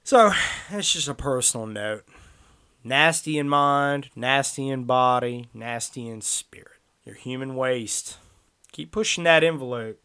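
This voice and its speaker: A man holds forth in a political commentary monologue, combative and mocking by turns. He talks straight at his listeners in a voice of ordinary middle pitch. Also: fairly bright tone, smooth. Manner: combative, sarcastic, addresses listeners directly. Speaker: tracking instructor.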